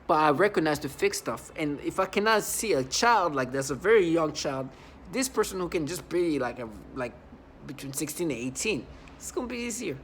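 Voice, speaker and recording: A man talking to camera in a rambling, halting monologue, repeating words and stressing points earnestly. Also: fairly high pitch, expressive, a bit bright, slight background noise. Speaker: vlogger.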